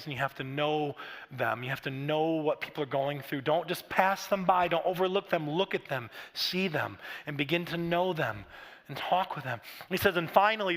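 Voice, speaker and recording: Middle-aged pastor guy preaching, kinda high voice, loose chatty storytelling, big church echo. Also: fairly bright tone. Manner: conversational, storytelling with frequent restarts and asides. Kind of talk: sermon. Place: large church auditorium.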